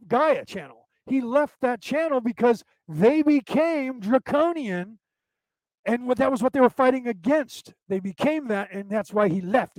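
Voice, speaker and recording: A man's voice: sits high, darkish tone, no echo, rough recording. A man hosting a podcast class, giving an informal, rambling lecture full of fillers and restarts, blunt and at times profane. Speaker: podcast host teaching a class.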